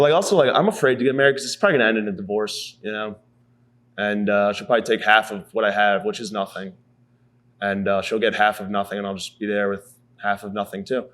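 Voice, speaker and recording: A man's voice: fairly low pitch, fairly bright tone. A man in his thirties delivering a rambling, profane, self-mocking comedy monologue as a podcast host. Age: 30s.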